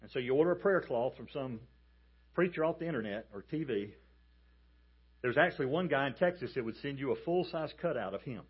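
A man preaching a sermon as a pastor, emphatic and animated as he tells a story. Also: mid-range voice, a little fast, breathy edge, muffled recording. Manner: emphatic, animated storytelling with calls for the congregation to repeat.

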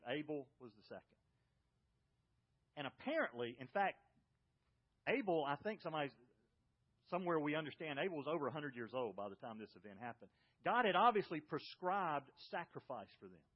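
Animated preacher with a dull recording. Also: male voice, on the high side. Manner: animated preaching with rhetorical questions. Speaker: pastor. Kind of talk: sermon. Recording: dull lo-fi audio.

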